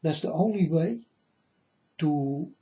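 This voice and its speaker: A man talks slowly to his viewers in a relaxed, mellow voice, circling back to the same points and asking again and again whether they follow. The sound is dull and lo-fi. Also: fairly high pitch. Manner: slow, repetitive, keeps asking the listener "you understand?". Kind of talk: casual spiritual monologue to viewers. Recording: dull lo-fi recording.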